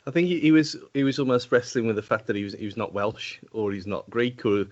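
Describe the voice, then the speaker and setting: Male podcast co-host, rambling and chuckly, mid pitch, muffled lo-fi sound. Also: normal speed. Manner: laughs often, rambling and hesitant. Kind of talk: casual film-review chat. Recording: dull lo-fi podcast audio.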